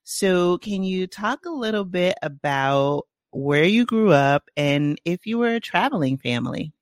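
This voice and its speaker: A woman's voice: on the low side, lively intonation, a little slow, dry recording, studio quality. A woman with a Bronx accent hosting a podcast interview, upbeat and enthusiastic. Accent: Bronx New York. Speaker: podcast host. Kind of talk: casual interview chat.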